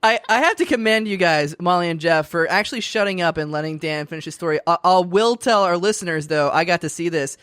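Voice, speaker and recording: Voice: medium pitch, fast, few pauses, a bit bright, clear, resonant tone, no echo. A guest on a comedy podcast making dry wisecracks in casual banter.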